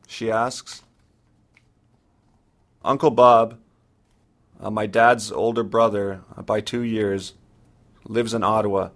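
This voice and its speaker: A man narrating his own story in the first person, in a measured, sombre way. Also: fairly low pitch, flat delivery, a bit bright.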